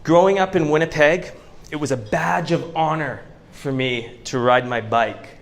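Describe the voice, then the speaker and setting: A Canadian man giving an inspirational talk to a live audience, telling stories with slow, dramatic pauses. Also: fairly high pitch. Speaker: motivational speaker. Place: event venue before a live audience.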